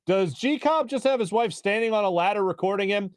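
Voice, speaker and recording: A sports talk host in his thirties, chatting with his viewers and laughing at their comments. His voice sits a bit high for a man. It is recorded dry and close, with no room echo. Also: fairly quick, clean tone. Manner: chatty, jokey, laughs often. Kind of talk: casual live-stream chat reading viewer comments.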